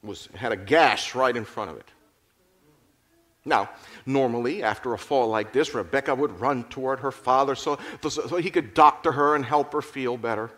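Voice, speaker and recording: A man narrating a moral story in an expressive, dramatic storytelling manner. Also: mid-range voice, moderate pace. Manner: expressive, lively storytelling with restarts.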